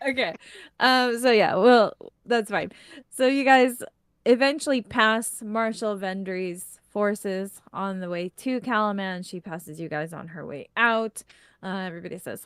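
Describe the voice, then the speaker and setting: A woman's voice: mid-range voice, unhurried, clear, resonant tone. A woman runs a tabletop game in loose, chatty narration. She uses plenty of fillers and restarts. The sound is dry, with no room echo. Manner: casual, rambling, full of fillers and "like". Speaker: game master.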